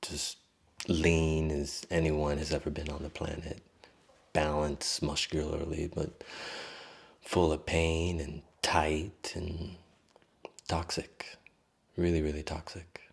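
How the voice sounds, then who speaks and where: A man being interviewed, telling his own story in a candid, reflective way, with pauses. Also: extremely low pitch, monotone, creaky, husky.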